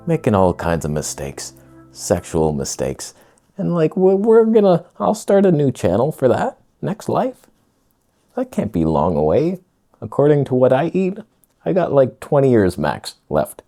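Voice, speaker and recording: A man's voice: medium pitch, very animated, a little slow, dark tone, soft background music. A young man ranting casually to camera in a sarcastic, crude way, slipping into mocking voices. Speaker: vlogger.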